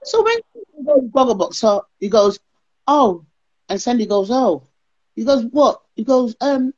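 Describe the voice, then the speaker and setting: A woman's voice: a little high, measured pace. A woman, telling her story as an interview guest and acting out other people's lines. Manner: animated, acts out others' lines. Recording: lo-fi call audio.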